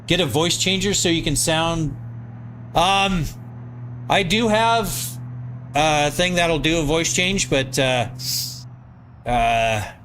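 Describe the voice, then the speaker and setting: A man's voice: on the high side, takes it slowly, long pauses, a bit bright, slight background noise. Nasal man streaming live. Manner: reads viewer comments aloud and answers them, rambling with fillers. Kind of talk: casual live-stream chat while gaming. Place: home basement.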